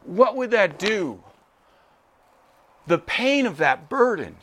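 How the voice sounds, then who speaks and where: Male pastor, slightly high voice, animated, dramatizes scripture quotes. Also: slow, slight background noise. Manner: expressive, acts out voices of the brothers. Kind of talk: sermon.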